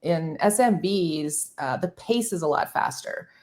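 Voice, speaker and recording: A woman's voice: low voice, animated, a little slow, a little mellow. Chatty woman in her fifties. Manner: candid and chatty, with many fillers and restarts. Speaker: podcast guest, marketing agency founder. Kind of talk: conversational interview.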